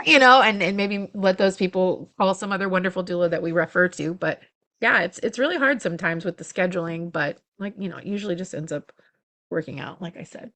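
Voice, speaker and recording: A woman doula as a podcast guest, animated and acting out dialogue as she tells stories. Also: on the low side, fairly quick. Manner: animated storyteller, acts out dialogue. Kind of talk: casual podcast interview.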